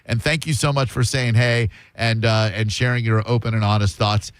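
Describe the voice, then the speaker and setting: A man's voice: mid-range voice, fairly even intonation, normal speed, clear, resonant tone, no room sound, clean studio sound. Self-mocking male radio host. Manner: rambling, self-mocking storyteller. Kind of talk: casual radio talk. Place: radio studio.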